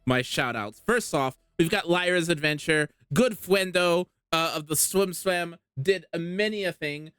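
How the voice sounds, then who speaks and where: A live streamer chatting casually on a game stream, giggly and animated, laughing often. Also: medium pitch, a little slow, few pauses, smooth, dry recording, clean studio sound. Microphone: streaming microphone.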